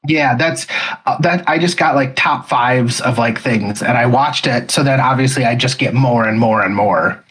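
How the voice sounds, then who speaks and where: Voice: medium pitch, normal speed, fairly bright tone, husky, rough recording. A podcast co-host in casual chat, rambling and leaning heavily on "like". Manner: rambling, heavy use of "like"; laughs often.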